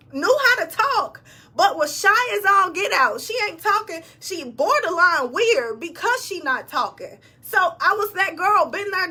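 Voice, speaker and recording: A woman's voice: sits high, bright, forceful tone. A young woman, a business coach, giving an emotional motivational talk to camera, repeating lines for emphasis. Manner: heartfelt, repeats lines for emphasis, tearful at times.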